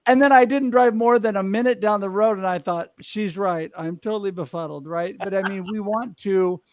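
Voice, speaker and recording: A middle-aged man hosts a casual panel chat over a video call, upbeat and telling self-deprecating stories about himself. His voice sits high, steady and fairly quick. The studio sound is clean, with no echo.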